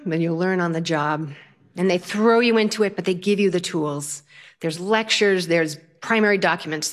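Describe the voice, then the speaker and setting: Older lady storyteller, funny and lively, voice jumps way up on the punchlines. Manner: lively, humorous, swoops up in pitch for punchlines. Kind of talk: personal story told to an audience.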